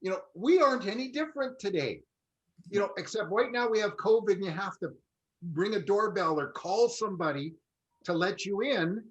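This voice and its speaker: A man's voice: high voice, animated, normal speed, lo-fi sound. A man co-hosting a casual panel chat, telling stories and mimicking salespeople. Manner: chatty, storytelling, mimics salespeople. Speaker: co-host.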